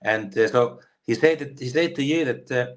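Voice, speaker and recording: A man's voice: mid-range voice, normal speed. A Finnish man in his fifties, a former footballer, telling rambling stories in an interview with many fillers and restarts. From Finland. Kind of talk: storytelling interview.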